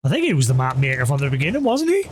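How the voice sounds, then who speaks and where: A man's voice: mid-range voice, huge pitch swings, racing, over music. A man casually commenting on a video game while streaming, thinking aloud and chatting. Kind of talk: casual let's play commentary.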